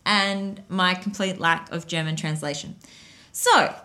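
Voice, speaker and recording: A young woman co-hosting a casual podcast, telling a story in a chatty, animated way and laughing often. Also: lowish voice, a little slow.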